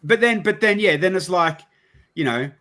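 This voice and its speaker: An Australian-accented podcast host speaks in a high-pitched voice at normal speed, with a little hiss or hum in the audio. Animated and casual, he tells a rambling story, acting out other people's lines and swearing loosely.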